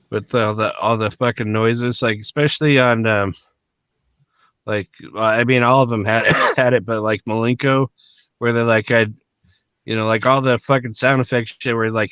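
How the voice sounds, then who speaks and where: Podcast co-host, man, rambling casual talker, smooth tone, dull lo-fi stream audio. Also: medium pitch, a bit bright, no room sound. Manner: rambling, profane, many fillers. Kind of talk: casual chat.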